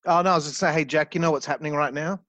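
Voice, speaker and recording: A man hosting a casual interview, relaxed and joking, swearing now and then. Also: a little high, rapid-fire, dry recording. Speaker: interview host.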